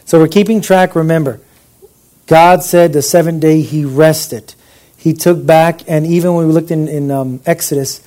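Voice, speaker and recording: Mellow-voiced man teaching scripture. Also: on the high side. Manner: rhetorical questions to listeners; conversational, with restarts. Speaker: Bible teacher. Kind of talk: informal Bible teaching.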